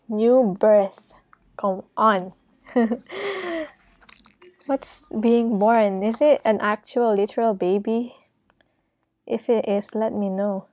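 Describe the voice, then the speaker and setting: A woman's voice: medium pitch, fairly even intonation, slow, long pauses, a little mellow, no room sound. A woman giving a casual tarot reading, talking straight to the viewer with lots of laughter and reassuring "okay?"s, moved close to tears. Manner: emotional, laughs often, talks to viewer directly. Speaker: tarot reader.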